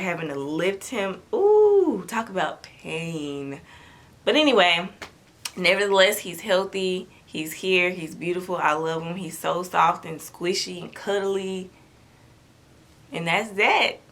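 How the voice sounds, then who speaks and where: A young woman telling her birth story in a casual, animated vlog rant, acting out the people she quotes. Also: on the low side. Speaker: vlogger.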